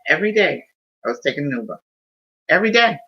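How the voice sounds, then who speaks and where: A woman's voice: low-pitched, very animated, fast talker, pushed and bright. A woman hosting a casual live stream, telling a personal story in an emotional, heartfelt way. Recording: dull lo-fi stream audio.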